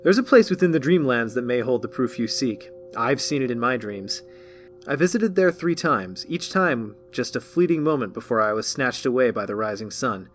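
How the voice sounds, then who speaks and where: A man's voice: mid-range voice, animated, normal speed, faint music behind, close to an everyday voice. A man voicing a wistful dreamer who speaks earnestly, full of wonder about a far-off city. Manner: earnest, rapt storytelling tone.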